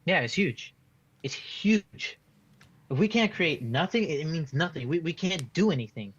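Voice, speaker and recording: A man's voice: a little high, animated, brisk, husky, lo-fi sound. A man giving a casual post-match fan reaction, rambling and frustrated, full of restarts and "like" fillers. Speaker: football fan being interviewed.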